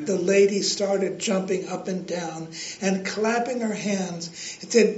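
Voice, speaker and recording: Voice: medium pitch, fairly even intonation, takes it slowly, a little mellow. An earnest preacher giving a devotional talk, telling a joke and then exhorting listeners to praise God, in a roomy, dull recording.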